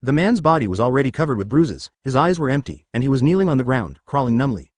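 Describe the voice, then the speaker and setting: A man narrating a story in a scripted reading style, brisk and animated. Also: medium pitch, no echo, studio quality.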